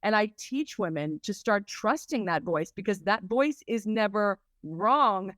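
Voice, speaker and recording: A woman coach being interviewed on a podcast, talking in a lively way and acting out quoted voices. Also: mid-range voice, unhurried, dry recording. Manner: lively and animated, acts out quotes in raised voices. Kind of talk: conversational interview.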